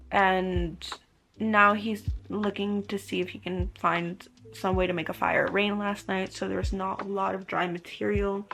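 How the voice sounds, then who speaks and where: A woman's voice: medium pitch, vocal fry, a bit bright. A young woman vlogging about a book, reading passages aloud and reacting with strong emotion between them.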